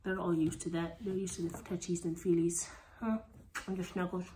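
This Texan dog breeder's vlog narration is casual and sprinkled with sweet baby talk. She speaks at a normal speed in a lowish, warm voice with a flat delivery, and the room is echoey with faint noise.

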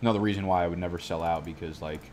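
A man's voice: low-pitched, fairly even intonation, racing, a little mellow, a little hiss or hum. A man giving casual, profane, rambling fantasy football commentary from a home studio, going off on tangents. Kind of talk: casual live-stream commentary.

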